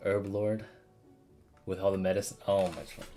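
A male streamer giving casual, profane commentary on a game, laughing and thinking out loud. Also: low voice, flat delivery, moderate pace, long pauses, soft background music. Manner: casual, swears freely, laughs often.

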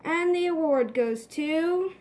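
A woman's voice: very high voice, takes it slowly, a little mellow. A woman hosting a homemade toy pet award show, announcing each category in a casual, hesitant way. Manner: casual, hesitant, clears throat.

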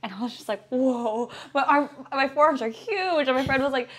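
A woman's voice: high-pitched, brisk. A woman streaming from a home kitchen, chatting casually while she tastes a stew. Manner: relaxed, tasting food, chatting with viewers. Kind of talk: casual chat.

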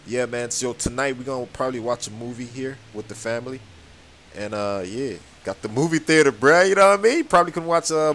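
Excitable young man, slangy gameplay banter. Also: slight background noise. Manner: excitable slangy banter with sudden high yelps. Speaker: gaming YouTuber. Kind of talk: casual role-play gameplay commentary.

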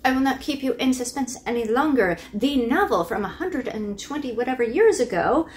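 Woman book vlogger, bouncy pitch, bit high, wry little jokes, faint hum behind. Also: animated, a little fast. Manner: chatty with wry asides and laughs. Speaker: book review host. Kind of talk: casual book review narration.

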